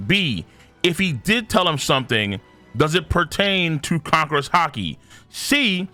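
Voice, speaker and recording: Male comic reviewer, bright and forceful tone, casual animated delivery, faint music bed. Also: fairly high pitch, no room sound. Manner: animated, puts on quick voices for characters. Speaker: host reviewing manga chapters. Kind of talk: casual commentary.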